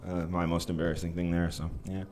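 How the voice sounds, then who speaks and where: A man with a fairly low voice chats casually on a panel. He sounds relaxed and a little self-deprecating, and his sentences trail away at the end. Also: fast. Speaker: performer on a panel.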